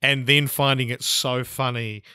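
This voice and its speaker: Slightly hoarse, rambling man on a podcast. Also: mid-range voice, little pitch movement, a little slow, bright, forceful tone, dry recording, studio quality. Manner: rambling, hesitant, self-deprecating. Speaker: podcast host. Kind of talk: casual chat.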